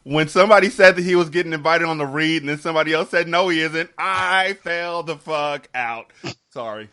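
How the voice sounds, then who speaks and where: A man's voice: fairly high pitch, brisk, sharp tone, clean tone. A man co-hosting a casual podcast chat, blunt and joking, swearing freely.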